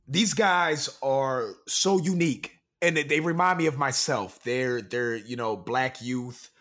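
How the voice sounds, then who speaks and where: A young man from Pennsylvania, USA, co-hosts a casual podcast chat in a mid-range, fairly bright voice. He speaks earnestly and with frustration about being stereotyped, choosing careful, proper-sounding words.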